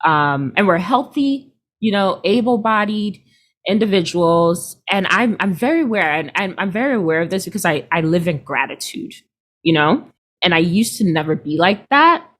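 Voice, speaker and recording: A thirtysomething woman whose voice sits on the low side talks casually at normal speed while being interviewed. Lively and talkative, she frequently laughs and re-enacts other people's remarks in put-on voices.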